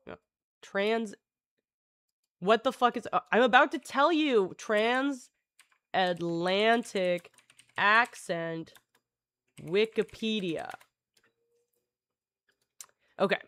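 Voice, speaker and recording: A woman's voice: mid-range voice, slow pace, pauses often, fairly bright tone, smooth, dry recording. A woman live streamer chatting with her viewers in a rambling, jokey way, often breaking off and restarting her sentences. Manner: jokey, scattered, full of restarts and self-interruptions.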